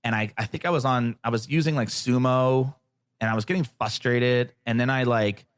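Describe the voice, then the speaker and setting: A man as a podcast guest, telling a story in casual chat, animated, sarcastic and freely profane. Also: mid-range voice, moderate pace, clean tone, no room sound.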